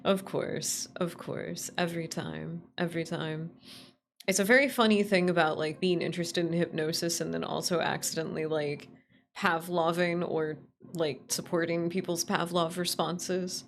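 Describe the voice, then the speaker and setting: Woman streamer, somewhat low pitch, playful teasing chat, laughs often. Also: fairly even intonation, normal speed, a little hiss or hum. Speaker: VTuber streamer. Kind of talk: casual live-stream chat.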